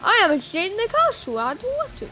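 A woman's voice: extremely high pitch, wildly swooping pitch, a little fast, bright, forceful tone, soft background music. A woman streaming a game live, talking to herself and viewers with exclamations and pleading at the game. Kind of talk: live gameplay commentary.

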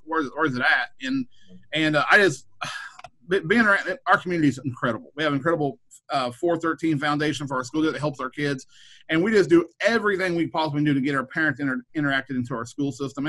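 A man's voice: on the high side, bright, forceful tone, rough recording. A man, a middle school principal, chatting casually on a podcast, rambling with frequent repeated words and restarts. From Kansas.

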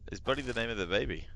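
A man's voice: low-pitched, gravelly, pushed and bright, slight background noise. A man giving casual let's-play commentary, reading game text aloud and exclaiming as he plays. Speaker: gameplay video host. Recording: game music playing behind the voice.

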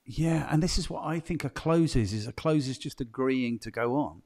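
A man's voice: mid-range voice, moderate pace, a little mellow. Chatty male podcast host. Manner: chatty, musing, asks guests questions, frequent "do you know what I mean". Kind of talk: casual podcast conversation.

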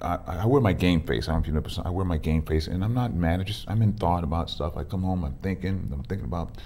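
A man, a pastor hosting a faith talk show, who starts haltingly and repeats words, then tells stories with lively energy. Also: deep voice, slight background noise. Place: community TV studio.

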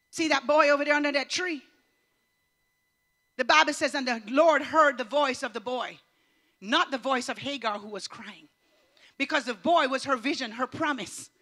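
A woman pastor preaching a motivational sermon, fervent and preacherly, swinging between loud declarations and hushed passages. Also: sits high.

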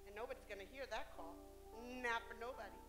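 A woman's voice: a little high, fast talker, music in the background. A woman preacher giving a bilingual sermon in a church, switching between Spanish and English phrase by phrase, rising and falling in intensity and drawing out key words.

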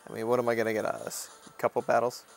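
A man's voice: medium pitch, monotone, very fast. A man casually commenting on his own gameplay as a Let's Play host, offhand and mildly grumbling.

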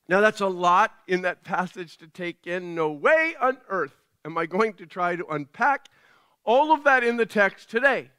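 A pastor preaching to his congregation in a high, bright voice. He tells stories with self-deprecating humor, tosses in conversational asides, and sounds smooth and crisp in a dry, close recording. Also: lively intonation, normal speed, no echo. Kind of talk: sermon.

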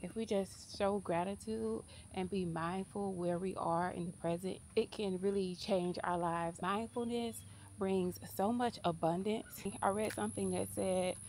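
A woman's voice: mid-range voice, fairly even intonation, unhurried, a little mellow, a little hiss or hum. A woman in her thirties talking casually to her viewers while out on a morning walk, candid and chatty, a little out of breath. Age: 30s. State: slightly out of breath from walking. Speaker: vlogger. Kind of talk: casual chat to camera while walking.

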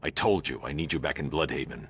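A man's voice: fast, fairly bright tone, heavily acted. An actor voicing a grim male masked vigilante in a video game, speaking in terse, commanding lines. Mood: stern. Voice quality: very deep, gravelly.

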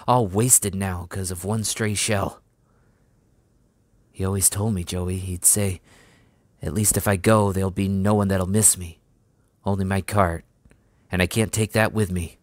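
A man reading as a gentle young country soldier who talks to his horse in a low, soft voice. The delivery is quiet and close, with a dry sound and no room around it. It feels like a storybook reading. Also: fairly even intonation, normal speed, pauses often, dry recording, lightly acted. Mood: grieving. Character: gentle young English farm lad soldier.

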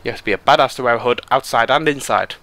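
Man, British accent, let's play host, casual rambling commentary, bright tone. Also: medium pitch, very fast. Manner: rambling, self-mocking, easily excited.

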